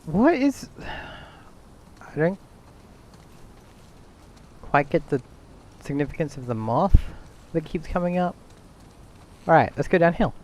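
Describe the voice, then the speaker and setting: A man's voice: on the high side, big pitch swings, takes it slowly, long pauses, a little mellow. A man streaming a video game, rambling through casual commentary and thinking aloud to his chat.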